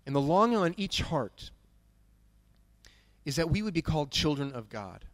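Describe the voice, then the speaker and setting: A man's voice: fairly high pitch, sing-song, moderate pace, no room sound. A man preaching a sermon as pastor, earnest and emphatic, who repeats key phrases.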